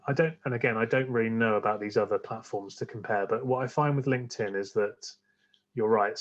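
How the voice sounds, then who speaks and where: A man with a medium-pitched voice appears as a podcast guest in a casual interview chat. He rambles, using many fillers and restarts, and the sound is lo-fi.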